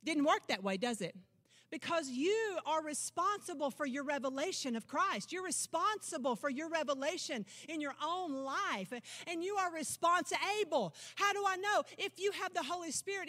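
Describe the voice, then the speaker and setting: A woman pastor delivers an animated sermon at a moderate pace during church. She mixes emphatic declarations with rhetorical questions and shifts from loud proclamation to low, intense aside.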